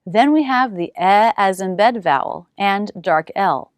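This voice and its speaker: Woman teacher drilling sounds slowly. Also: mid-range voice, animated, dry recording, studio quality. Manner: slow, exaggerated demonstration of single sounds. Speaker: pronunciation teacher. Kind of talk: English pronunciation lesson.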